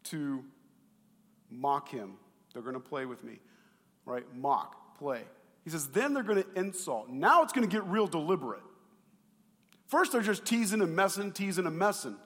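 A man preaching a sermon as pastor, animated and conversational, swinging between loud emphasis and quiet asides and asking the congregation questions. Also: a little high, unhurried, long pauses. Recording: long hall reverb.

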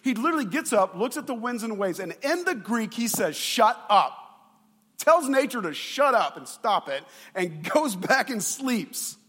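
A male pastor preaching a sermon in a playful, animated way, acting out voices. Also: very high-pitched, normal speed, few pauses, breathy edge, in a large hall.

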